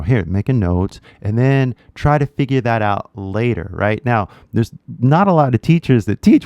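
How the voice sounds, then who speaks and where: A man's voice: on the low side, moderate pace, hardly any pauses, dark tone, no room sound, muffled recording. A man with a Californian accent teaching English in a casual, slangy way, often checking in with "right?". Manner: laid-back slangy talk, keeps tagging "right?". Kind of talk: casual spoken lesson.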